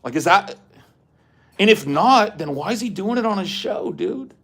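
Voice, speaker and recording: A man's voice: sits high, expressive, moderate pace, vocal fry, fairly bright tone, slightly rough. Profane, exasperated man ranting. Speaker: podcast host. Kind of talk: casual podcast rant.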